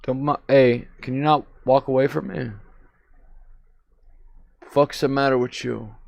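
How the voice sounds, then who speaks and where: A man's voice: medium pitch, fairly even intonation, measured pace, creaky, a little mellow, no echo. A man streaming a VR game, chatting casually, rambling and goofy with sing-song repetitions on a headset mic.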